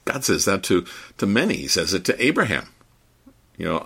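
A man preaching a sermon in an earnest, halting way, often repeating words as he builds each point. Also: lowish voice, lively intonation, a bit bright, husky.

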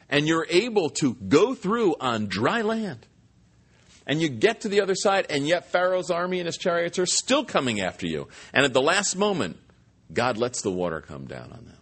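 Husky, lively male preacher. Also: fairly high pitch. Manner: animated storytelling, frequent restarts and humor. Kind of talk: expository sermon.

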